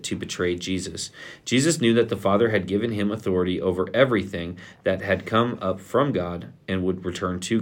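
Low-voiced man reading scripture aloud. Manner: reads quoted speech with big rises in pitch and force. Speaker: podcast co-host.

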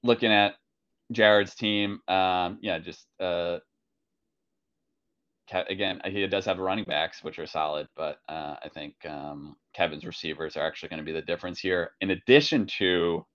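A man co-hosting a fantasy football podcast, chatting in a relaxed, rambling way with many fillers. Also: deep voice, moderate pace, highs cut off. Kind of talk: casual chat.

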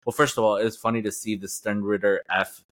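A man's voice: on the low side, flat delivery, brisk, a bit bright. A man co-hosting an anime review podcast, talking in casual chat with joking, teasing banter. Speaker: podcast co-host.

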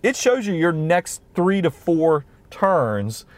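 In a dry recording made inside a car, this middle-aged podcast co-host speaks slowly in a slightly high, sing-song voice with a Southern US accent. He chats casually and eagerly about a car's features, explaining as he goes.

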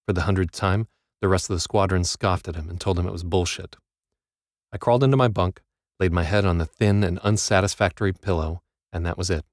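A man's voice: low voice, fairly quick, dry recording, clean studio sound. A man reading a first-person audiobook in a grim, wry narrating manner.

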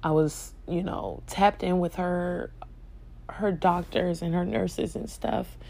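A young woman telling a personal story in a soft-spoken, hesitant way, with many fillers and restarts. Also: on the low side, fairly even intonation, takes it slowly, vocal fry, slight background noise. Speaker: vlogger sharing a personal story.

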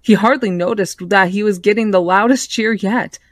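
A podcast host reading a novel aloud in a plain, measured way, with occasional stumbles. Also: mid-range voice, no echo, clean studio sound.

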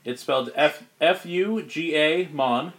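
A man's voice: a little high, slow, fairly bright tone. A man narrating as game master in a casual, slangy way, laughing often.

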